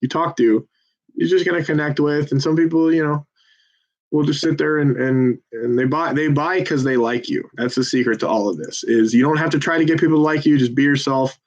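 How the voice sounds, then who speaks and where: A man's voice: fairly high pitch, brisk, highs cut off. A man volunteering at a phone bank, chatting casually to viewers between calls in a rambling, profane, self-deprecating pep talk.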